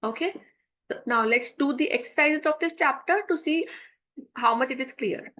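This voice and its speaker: Woman, high voice, French teacher, slow step-by-step explanation. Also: sharp tone, low-quality recording. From India. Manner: slow, repeats French phrases then translates. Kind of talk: classroom explanation.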